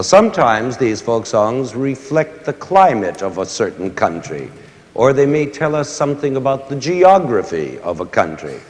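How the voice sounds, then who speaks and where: A man explaining music to young listeners, his voice rising and falling with lively expression. He stops to sing and hum short examples. The sound is roomy, with a long concert-hall reverb. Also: mid-range voice. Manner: animated, sings and hums examples. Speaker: conductor giving a concert lecture.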